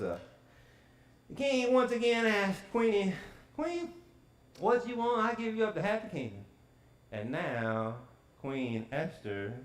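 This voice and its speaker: A male preacher telling a story in a sermon, lively and quizzing the congregation as he goes. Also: high voice. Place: church sanctuary. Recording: echoey church sanctuary.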